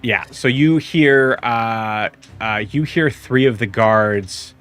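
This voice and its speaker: A young man narrating as game master, halting and full of fillers as he describes the scene. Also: mid-range voice, a bit bright, clear, resonant tone, soft background music.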